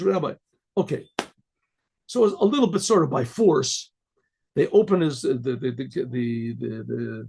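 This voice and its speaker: A man, a rabbi, telling a story in a casual, halting way, repeating words and often clearing his throat. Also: high voice, a little mellow.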